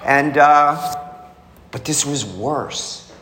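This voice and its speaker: A man's voice: on the high side, drawn-out words, fairly bright tone, a little hiss or hum. A man giving a candid, emotional personal testimony, acting out the voices of people in his story. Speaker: speaker sharing a recovery story. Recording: echoey hall, faint ambience.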